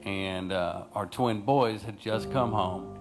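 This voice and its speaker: Slow, reflective low-voiced man. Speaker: person in recovery. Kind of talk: documentary interview. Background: guitar music.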